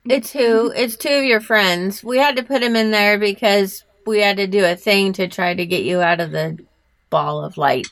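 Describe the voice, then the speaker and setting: A woman's voice: mid-range voice, moderate pace, a bit bright, dry recording. A woman playing a tabletop game, joking and playful. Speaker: player. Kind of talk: casual tabletop play.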